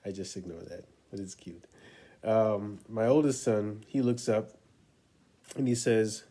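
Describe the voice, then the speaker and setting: A middle-aged man, a parent coach, telling a story in a relaxed, unhurried way with many pauses. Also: lowish voice. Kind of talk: casual storytelling talk to camera.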